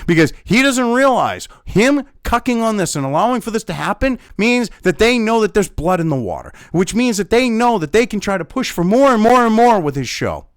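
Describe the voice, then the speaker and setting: High-pitched ranting man, profane. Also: sing-song, fairly quick, hardly any pauses, no echo, studio quality. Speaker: commentary video host. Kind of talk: profane rant commentary.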